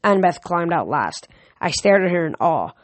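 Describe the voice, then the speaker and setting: A man's voice: a little high, big pitch swings, moderate pace, no echo. A male amateur reader reading a novel aloud, with frequent restarts and self-corrections. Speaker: audiobook reader.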